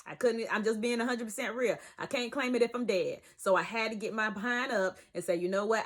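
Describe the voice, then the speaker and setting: Young woman vlogger, higher voice, emphatic and preachy, talking from bed. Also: fairly even intonation, a little fast, hardly any pauses. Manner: emphatic, preachy, swings from loud to hushed. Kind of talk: casual talk to camera. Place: bedroom, sitting in bed.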